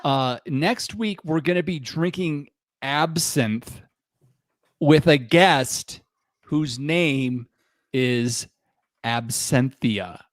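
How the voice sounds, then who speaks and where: A man's voice: on the high side, drawn-out words. A man hosting a casual drinking podcast, signing off to viewers in a loose, swearing way. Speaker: podcast host.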